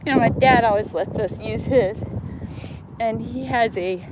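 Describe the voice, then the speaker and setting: A woman with a slight Upper Midwest accent vlogs live from her phone, unhurried and meandering, hunting for words with lots of fillers and restarts. The stream is noisy, with the outdoors and the road audible behind her. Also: fairly high pitch. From North Dakota. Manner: rambling, many fillers and restarts. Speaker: vlogger co-host. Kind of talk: casual live-stream chat. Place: outdoors on a beach, then in a car.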